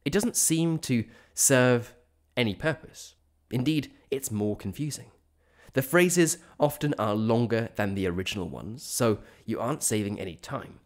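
A man hosting an English-learning podcast, reading a clear scripted explanation and slowing down on examples. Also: mid-range voice, animated. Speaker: podcast host teaching English. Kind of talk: scripted educational narration.

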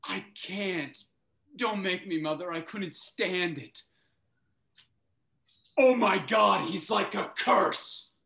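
A young actor playing a bitter, struggling young playwright who swings between hushed grief and sneering outbursts, performed over a video call. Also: male voice, high-pitched, slow pace, creaky, pauses often, echoey room, full character voice. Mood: grieving. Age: young adult. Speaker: student actor.

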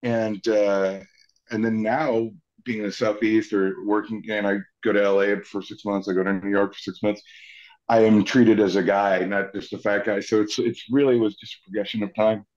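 A man in his forties, an actor being interviewed, telling stories in a lively way and jumping up in pitch to quote others. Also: normal speed. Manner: animated storyteller, jumps pitch when quoting people. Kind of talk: casual storytelling interview. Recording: slightly muffled sound.

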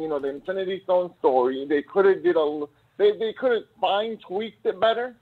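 High-voiced man on a tinny phone line. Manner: chatty, rambling, piles up examples. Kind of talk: casual live-stream chat.

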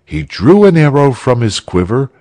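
A man reading a story aloud for English learners in a measured, expressive way. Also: mid-range voice. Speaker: narrator.

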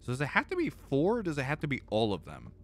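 A young man streaming a game and talking to his viewers, exasperated and swearing often, swinging from loud outbursts to low mutters. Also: wildly swooping pitch, fast, a little hiss or hum. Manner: exasperated, swears a lot, repeats himself when frustrated. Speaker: gaming streamer. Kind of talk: live gameplay commentary.

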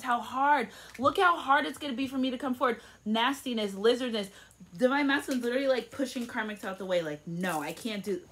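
A woman's voice: a little high, a bit bright. A woman giving a casual tarot reading at home, emphatic and blunt, swearing freely and tossing in "okay?" as she goes. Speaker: tarot reader. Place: room at home.

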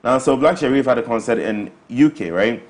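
A man hosting a casual panel chat, talking in lively asides and laughing now and then. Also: medium pitch, brisk. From Ghana. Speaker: host.

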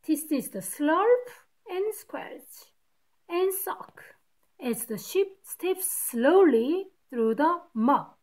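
A woman's voice: sits high, lively intonation, drawn-out words, darkish tone. A woman teacher reading a picture book aloud to children, patiently stopping to point out the rhyming words. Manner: patient, explains each rhyme to kids.

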